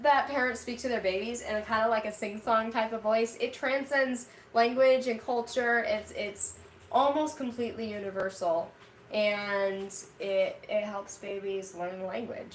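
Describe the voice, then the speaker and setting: Woman, casual cooking vlog, rambling and chatty, roomy kitchen, clear background noise. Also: medium pitch, recorded from a distance. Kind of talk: casual chat to live viewers. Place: home kitchen, indoors.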